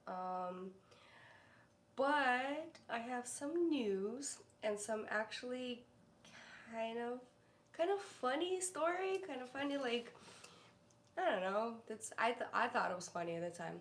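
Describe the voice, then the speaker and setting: Woman streamer, higher voice, slow rambling chat, echoey room with faint hiss. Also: animated. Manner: chatty and rambling, cooing baby talk to her dog. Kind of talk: casual live-stream chat.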